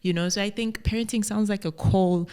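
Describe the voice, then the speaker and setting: A woman's voice: mid-range voice, fairly even intonation, brisk, mellow, smooth. A woman hosting a podcast, speaking in a reflective, affirming way with many filler phrases. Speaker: podcast host, life coach. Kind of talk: reflective conversational interview.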